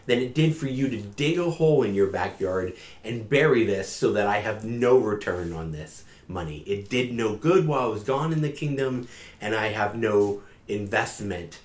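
A man voicing a stern king who scolds his servants in a measured way, recorded in an echoey room. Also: lowish voice, expressive, lightly acted. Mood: scolding. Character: wealthy king, stern when crossed.

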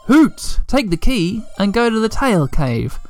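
A gamer voicing a wise old owl in a video game, hooting and giving commands in a raised, higher voice. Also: big pitch swings, a little slow, a little mellow, soft background music. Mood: commanding.

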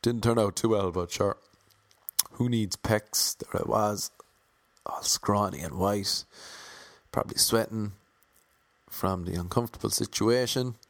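A man's voice: fairly low pitch, fairly even intonation, unhurried, vocal fry, long pauses, no room sound. A young Irish man telling comic stories about auditions in a wry, self-deprecating way, often switching into voices for the people he quotes. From Ireland. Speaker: aspiring comedic actor. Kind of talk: casual comic storytelling.

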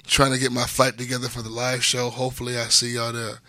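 A bright, forceful male voice with a dry, close sound. He hosts a casual podcast with his friends, telling rowdy, profane stories and laughing often. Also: medium pitch, monotone, fast, no echo. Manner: loud, profane storytelling with frequent laughter. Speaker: podcast host.

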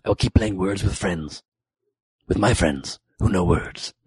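A man putting on a low, slow, self-important voice as an arrogant male movie star. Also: darkish tone, breathy edge, no echo, full character voice. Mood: smug.

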